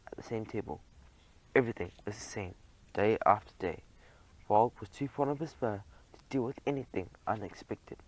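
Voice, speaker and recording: A man narrating a children's storybook audiobook in a gentle, even storytelling manner. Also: on the low side, poor audio.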